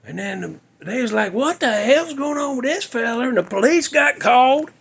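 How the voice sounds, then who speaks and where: A man's voice: very high voice, expressive, moderate pace, vocal fry, a bit bright, husky. A male podcast host telling a story in a casual, folksy, rambling way, cussing freely.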